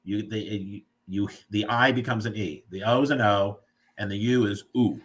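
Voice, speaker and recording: A man's voice: on the low side, moderate pace. A man hosting a casual live video chat who playfully explains food words like a teacher. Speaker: host. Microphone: video call.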